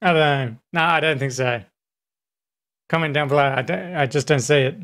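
A man chatting casually in a vlog from a small room at home, rambling in a relaxed way with fillers. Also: on the high side, normal speed. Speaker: YouTuber.

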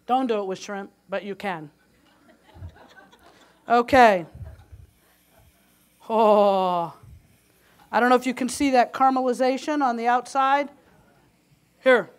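At a conference hall kitchen stage, a woman gives a live cooking demonstration, chatting and joking with the audience while slightly winded. Her voice is fairly high with a steady tone, and she speaks slowly, pausing often.

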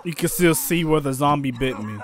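A young man giving excitable, jokey let's play commentary, talking to his viewers. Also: fairly high pitch, fairly quick. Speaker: gaming YouTuber.

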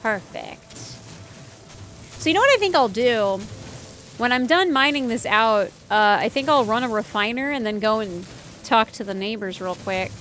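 A chatty young woman streams a game, her voice sitting a bit high. She rambles through anecdotes with plenty of fillers and easy asides. Faint game music plays softly behind her. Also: expressive, normal speed. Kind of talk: casual gameplay chat.

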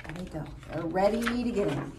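A woman reading a children's storybook aloud as a teacher, expressive and playful, explaining the story to children afterward. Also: fairly low pitch, brisk. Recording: roomy echo, distant mic.

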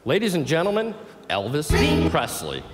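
A male announcer calls out a big stage introduction in a showman's manner. His pitch swings up and down and sits a little high. A long echo from a large hall hangs on his voice. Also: huge pitch swings, normal speed, noisy background. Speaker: backstage announcer.

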